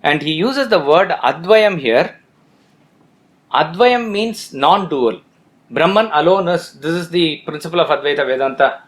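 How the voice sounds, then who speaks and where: A man giving a measured Vedanta discourse as a spiritual teacher, repeating his points for emphasis. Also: a little high, lively intonation.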